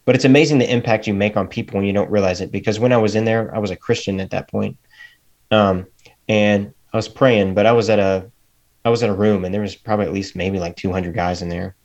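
A low-voiced man talking as a guest on a casual chat. He tells his faith story in a reflective, halting way, pausing on fillers. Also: fairly even intonation, darkish tone, muffled recording.

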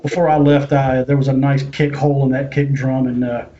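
A man's voice: medium pitch, level tone, fairly quick, crowd noise. A man from Louisville, Kentucky, a podcast guest, telling funny, rambling stories and acting out the voices of the people in them. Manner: humorous, rambling, acts out quoted voices. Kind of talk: casual chat, storytelling. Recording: slightly muffled, faint hiss.

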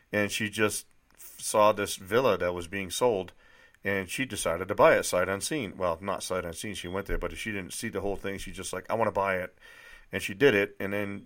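A man's voice: low voice, a bit bright. Man in his 30s from New Hampshire, a bit nasal, loose rambling delivery, amateur author reading aloud. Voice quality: slightly nasal. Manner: rambling, many fillers and restarts. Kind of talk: casual monologue and reading aloud. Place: dry indoor room.

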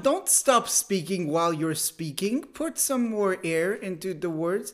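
A man's voice: sits high, lively intonation, a little slow, hardly any pauses. A man co-hosting a casual podcast chat, ranting bluntly and jokingly, sometimes mimicking people. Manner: blunt, joking rants with mock impressions. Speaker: podcast co-host.

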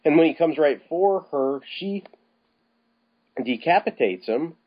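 This podcast co-host sounds animated and unhurried, with a voice on the high side and a breathy edge. He rambles through a casual film-review chat with plenty of restarts and casual cursing, recorded as slightly dull, lo-fi podcast audio.

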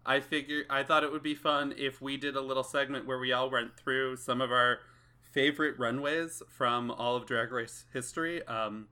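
An animated, camp man hosts a casual podcast chat. His voice is bright and forward, and his pitch sits mid-range for a man. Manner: animated, mimicking others, camp. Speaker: podcast host.

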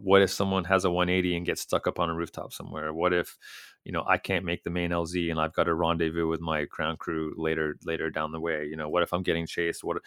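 A man's voice: deep voice, a bit bright, clear, resonant tone, dry recording, studio quality. A man, a guest on a talk show, telling a long anecdote in a casual way, with many fillers and restarts. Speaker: guest, urban BASE jumper. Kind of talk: casual storytelling chat.

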